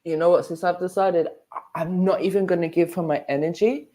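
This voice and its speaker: Blunt woman with a lower voice. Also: fairly even intonation, fairly quick, warm tone. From United Kingdom. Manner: blunt, dismissive, laughing easily. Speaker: guest on a livestream. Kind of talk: casual gossip chat.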